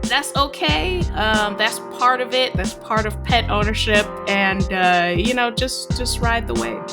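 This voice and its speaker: A woman's voice: a little high, music in the background. Chuckling woman co-hosting a podcast. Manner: agreeable, chuckling, quick asides. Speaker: podcast co-host. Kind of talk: casual podcast chat.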